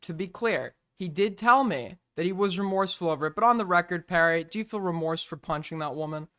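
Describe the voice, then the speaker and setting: A man runs a casual online debate over a voice call. His voice sits a little high and sounds bright. He cuts in bluntly whenever the others drift off course. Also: a little fast, clear, resonant tone. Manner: moderating, interjecting, blunt. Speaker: debate moderator.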